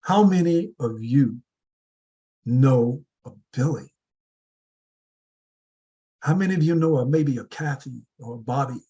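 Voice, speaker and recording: Man, husky mid-range voice, earnest motivational speaker stacking rhetorical questions. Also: mid-range voice, expressive, a little slow, long pauses, dark tone, lo-fi sound. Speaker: speaker at a public speaking club meeting. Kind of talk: prepared motivational speech.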